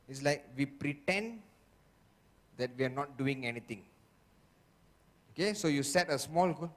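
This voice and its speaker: A man giving a motivational seminar talk who keeps checking in with the audience and acts out the voices he quotes. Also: fairly high pitch. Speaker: seminar speaker. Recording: long hall reverb.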